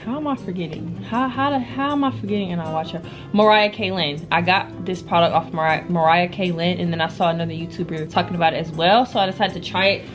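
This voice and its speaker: A woman's voice: fairly low pitch, quick pace. Chatty young woman vlogging, music underneath. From United States. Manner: chatty, slangy, self-interrupting. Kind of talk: casual vlog chat. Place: at home. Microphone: camera or phone mic. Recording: music playing behind.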